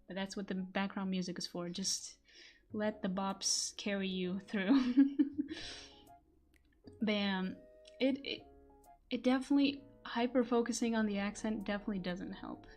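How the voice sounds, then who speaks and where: Chatty laughing woman streamer, non-native accent, low quiet mic, soft music behind. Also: steady tone, measured pace, pauses often. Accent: non-native English accent. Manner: giggly, chatty, self-deprecating. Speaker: streamer and voice actor. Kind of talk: casual live-stream chat. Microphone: quiet desk mic.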